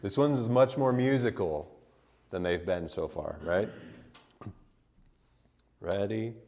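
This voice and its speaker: A man's voice: lowish voice, takes it slowly, warm tone, in a large hall. A man teaching a church music class, explaining at length with fillers and frequent "right?" and "okay?" checks. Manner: sings solfege syllables as demonstrations. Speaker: chant teacher. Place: church hall.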